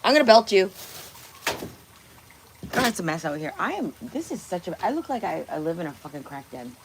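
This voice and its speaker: A woman's voice: sits low, big pitch swings, fast talker, creaky, heavy background noise. Blunt, foul-mouthed woman streaming from home. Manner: blunt, profane, teasing chat. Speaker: livestream host. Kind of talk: casual livestream chat. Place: home kitchen.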